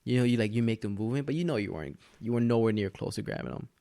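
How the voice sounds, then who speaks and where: A man's voice: mid-range voice, very fast, mellow, no echo, clean studio sound. A young man hosting a podcast, telling a story in rambling casual chat, laughing often and swearing. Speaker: podcast host.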